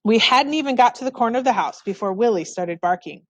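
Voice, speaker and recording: A woman's voice: a little high, lively intonation, quick pace, a bit bright, no echo. A woman reading a children's novel aloud, narrating expressively in the first person. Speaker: storybook reader.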